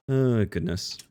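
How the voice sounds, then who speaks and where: An Australian man with a medium-pitched, dark-toned voice chats casually with viewers while gaming. He mutters to himself now and then and breaks into sudden exclamations during the stream.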